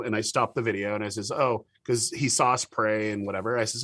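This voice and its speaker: A man being interviewed as a TV producer, telling stories in a lively way, with many restarts and acted-out quotes. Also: lowish voice, a little fast, no echo. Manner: animated storyteller with many restarts and quoted dialogue. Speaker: guest, TV show producer. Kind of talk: casual interview talk.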